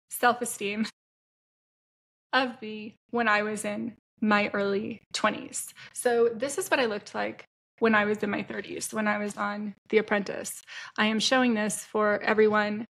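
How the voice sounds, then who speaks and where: A woman's voice: mid-range voice, a bit bright. A middle-aged woman telling a candid personal story to camera as an entrepreneur, frank and chatty. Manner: frank, chatty, self-deprecating with bursts of laughter.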